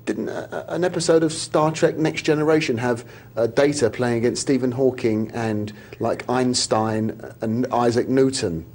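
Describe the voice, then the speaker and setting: A man's voice: mid-range voice, normal speed, few pauses, darkish tone. A man co-presenting a live poker show, rambling and joking with mock indignation. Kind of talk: live TV studio banter.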